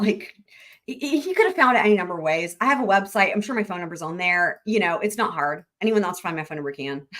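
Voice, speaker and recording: A woman hosting a live-stream recap, chatting excitedly and rambling with lots of restarts. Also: mid-range voice. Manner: addresses viewers directly as y'all. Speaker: YouTube trial-recap host. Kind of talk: live-stream chat with viewers.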